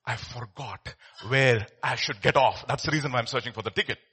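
A man's voice: medium pitch, brisk, bright, forceful tone, slightly rough. A man voicing a flustered, absent-minded elderly male scientist in a story.

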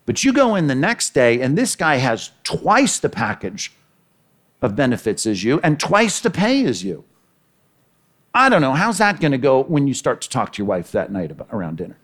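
A man preaching a sermon, reading scripture and acting out the characters' voices with lively energy. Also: mid-range voice, normal speed. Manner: animated, acts out the characters' lines in the parable. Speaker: pastor.

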